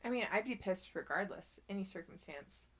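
A woman's voice: mid-range voice, lively intonation, normal speed. Teasing young woman podcast co-host. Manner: chatty, teasing, laughs easily. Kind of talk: casual chat.

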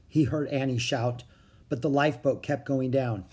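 Husky voice, children's book narration, steady storytelling, mid pitch. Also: a little slow. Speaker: audiobook reader.

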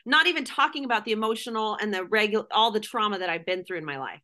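A woman's voice: mid-range voice, fast talker, bright, forceful tone. A middle-aged woman guest speaking candidly and emotionally in casual conversation, full of "like".

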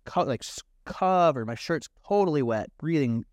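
Animated man telling a story, dry sound. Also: a little high, normal speed, dry recording. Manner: animated, swears freely, acts out quotes. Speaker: podcast guest. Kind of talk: casual storytelling.

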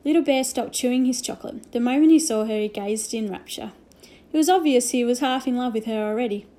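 A woman reading a children's novel aloud with gentle storytelling and hushed asides. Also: on the high side, a little fast. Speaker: reader.

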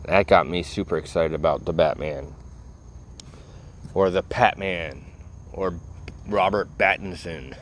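A man's voice: deep voice, unhurried, pauses often, a little hiss or hum. A tired man rambling casually to his audience, laid-back and full of profanity. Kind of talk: casual rambling talk to camera.

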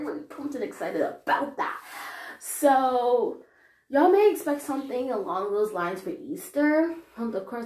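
Young female podcast host, rambling casual update, recorded in an echoey room. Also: fairly high pitch. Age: young adult. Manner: rambling, chatty and animated.

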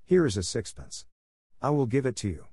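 A man's voice: medium pitch, very animated, brisk, mellow, husky, no echo, clean studio sound, pitched above the performer's own voice. A man voicing a kind, earnest little boy in a storybook reading, speaking insistently. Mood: kindly.

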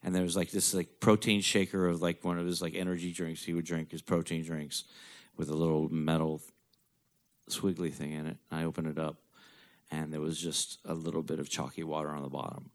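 A man's voice: very deep voice, level tone, fairly quick. A man telling a personal story in a blunt, profane, darkly joking way.

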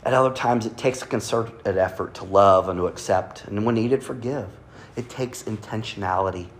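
A man preaching a sermon in a church, talking conversationally, asking rhetorical questions and slowing down for scripture readings. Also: on the low side, a little hiss or hum.

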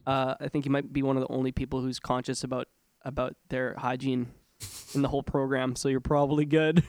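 A co-host in a casual chat, easygoing and quick to react and laugh along. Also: mid-range voice, little pitch movement, a little mellow, no echo.

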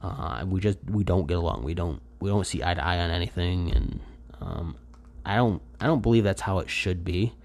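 A middle-aged man from Michigan talks loosely on his podcast in a low, gravelly voice. He rambles, circles back with plenty of fillers, and turns animated when he acts out a quote. The recording is close and dry, with no room sound. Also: normal speed, no echo. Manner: rambling, lots of fillers and restarts; lively when acting out quotes. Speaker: podcast host. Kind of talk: casual chat.

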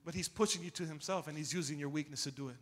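A man preaching a sermon as pastor, leading the congregation in call-and-response and swinging between shouting and quiet talk. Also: fairly high pitch, rapid-fire, a little hiss or hum. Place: church sanctuary. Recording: long reverb of a big hall.

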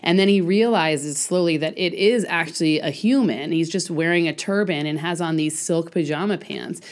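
A woman talks a novel over in a casual, chatty way, often throwing in "like". Her voice sits a little low for a woman. She sounds relaxed and informal. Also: moderate pace. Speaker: co-host discussing a book. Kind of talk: casual book discussion.

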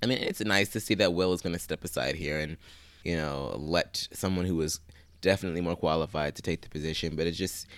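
A man's voice: sits low, a little fast, no echo. A man co-hosting a podcast, giving frank, opinionated commentary with casual swearing. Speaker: podcast co-host.

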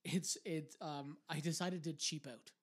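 A man's voice: fairly high pitch, steady tone, a little slow, breathy edge. A man co-hosting a podcast in casual chat, profane and rambling, often laughing. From Canada. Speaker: podcast co-host.

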